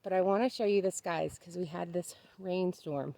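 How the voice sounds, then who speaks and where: A woman's voice: moderate pace, creaky, warm tone, no room sound. Woman doing a farm vlog outside, casual and chatty, animals nearby. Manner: chatty, talks to her animals in a high sing-song. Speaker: homesteading vlogger. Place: outdoors on a farm.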